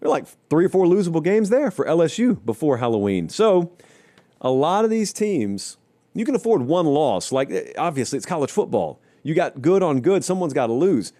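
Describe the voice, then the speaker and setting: Male sports talk host, mellow dark timbre, emphatic solo commentary with dry, mocking asides. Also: fairly high pitch, normal speed. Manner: emphatic, rising to animated stretches when running through schedules. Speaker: host of a college football show.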